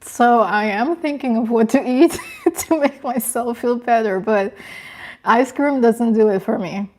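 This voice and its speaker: Slow, soft-spoken young woman chatting. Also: on the high side. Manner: soft-spoken, emotional, halting with restarts. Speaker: host of a live stream. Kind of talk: casual live chat reading comments.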